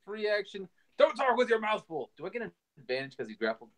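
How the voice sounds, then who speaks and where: A man's voice: sits high, sing-song, fast. A man playing a tabletop game, chatting casually, swearing freely and counting out dice rolls. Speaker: player.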